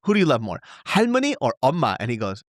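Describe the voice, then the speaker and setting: A man in his thirties co-hosting a podcast, telling stories in a casual chat and jumping into high-pitched impressions. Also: wildly swooping pitch, quick pace, no echo, studio quality. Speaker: podcast co-host.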